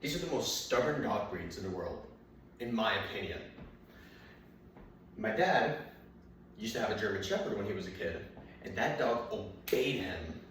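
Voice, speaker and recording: A young stand-up comic with a fairly low, slightly bright voice tells a rambling, profane story at a moderate pace, acting out his dad and his dog. He's expressive and leaves long pauses. The distant mic picks up a very echoey room and a little hiss or hum.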